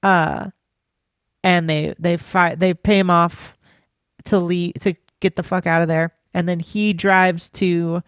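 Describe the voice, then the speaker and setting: A man's voice: high-pitched, level tone, slow pace, fairly bright tone, smooth, dry recording, studio quality. A man co-hosting a podcast, retelling a film plot in loose, laughing casual talk. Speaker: podcast co-host.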